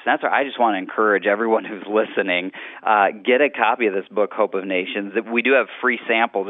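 Radio guest author, thirties, low-voiced and earnest, heard over a phone line. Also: male voice, dry recording. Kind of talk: radio interview talk.

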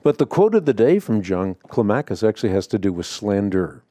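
A man hosting a radio call-in show, speaking in a measured, deliberate way with frequent filler sounds. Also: fairly low pitch, very animated, warm tone, no room sound, studio quality.

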